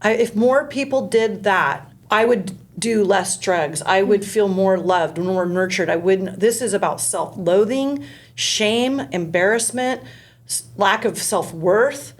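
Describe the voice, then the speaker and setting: A middle-aged woman speaking as a guest, telling lively anecdotes and acting out the people in them. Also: mid-range voice, takes it slowly. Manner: energetic, acts out quoted people in anecdotes. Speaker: founder of a volunteer outreach group. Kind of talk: interview storytelling.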